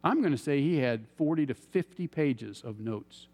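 A man preaching a sermon as an animated storyteller, acting out his own reactions. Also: medium pitch, normal speed. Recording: long hall reverb.

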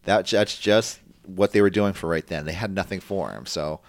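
A man co-hosting a casual wrestling podcast, animated and swearing freely, acting out what others said. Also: deep voice, normal speed, no room sound. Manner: animated, swears, acts out quotes. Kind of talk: casual chat.

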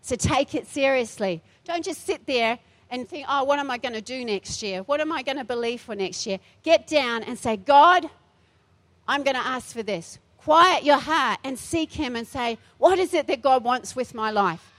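A woman's voice: high voice, animated, normal speed, a bit bright. A middle-aged woman pastor delivering a feisty, emphatic sermon in a church, repeating her phrases for force.

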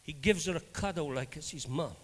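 High-voiced Scottish minister in reverberant hall. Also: male voice, a little fast. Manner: animated, acts out dialogue in anecdotes. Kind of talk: storytelling sermon.

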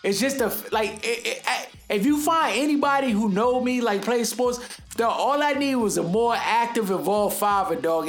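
A man's voice: high voice, fairly bright tone. Guy on a podcast hyping a player, rambly and emphatic, says dog a lot, little bit of music under him. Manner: emphatic, keeps saying "dog" and "bro"; rambling, with many restarts. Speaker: podcast host. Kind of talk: casual sports commentary monologue.

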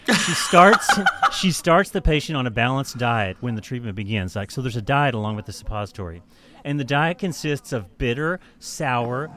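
A male podcast host in loose, casual conversation with a voice of ordinary pitch. He tells his story crudely, swears freely, mocks his subject and keeps laughing along the way. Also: pushed and bright. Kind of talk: casual chat.

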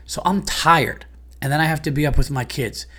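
A man's voice: fairly high pitch, normal speed, sharp tone. A comedian and podcast host ranting in a heated, profane, exasperated monologue about his day.

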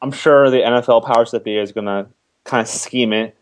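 A man's voice: mid-range voice, fairly even intonation, brisk. Joking man trading sports banter. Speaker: podcast co-host. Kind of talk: casual sports chat.

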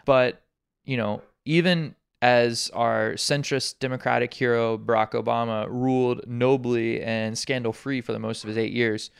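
Brief: male co-host, casual sarcastic news commentary, gravelly texture. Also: medium pitch, steady tone, a little slow. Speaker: podcast co-host. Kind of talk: casual political chat.

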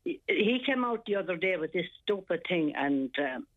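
A woman's voice: lowish voice, very animated, normal speed. An older woman calling in to a radio show, rambling and hesitant, exasperated as she talks. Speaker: caller. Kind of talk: casual radio chat. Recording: tinny phone line.

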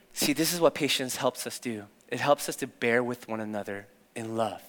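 Young guy pastor giving a sermon, candid storytelling, bright tense voice, echoey church hall. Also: medium pitch, normal speed, few pauses. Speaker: youth pastor. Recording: long church-hall reverb.

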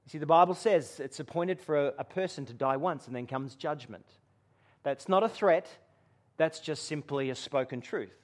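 A man preaching a sermon to a gathering, telling a story and dropping to a hush for dramatic moments. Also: fairly high pitch, moderate pace. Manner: storytelling with dramatic hushed drops. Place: room with a gathering.

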